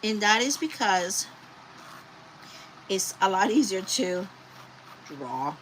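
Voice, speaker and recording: A woman's voice: mid-range voice, takes it slowly, poor audio. A woman hosting a live crafting stream, chatting and rambling to her viewers as she works. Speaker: craft livestream host. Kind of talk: casual live crafting chat. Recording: steady background noise.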